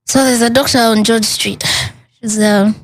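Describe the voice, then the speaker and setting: A woman, a guest recounting a personal loss in an interview, animated and earnest, acting out the dialogue. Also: on the high side, moderate pace.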